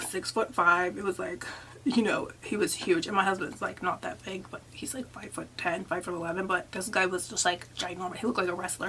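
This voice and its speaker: A young woman vlogger telling a story in a chatty, animated way, with many fillers and hushed asides. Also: mid-range voice, slight background noise. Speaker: makeup artist and vlogger. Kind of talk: casual storytime.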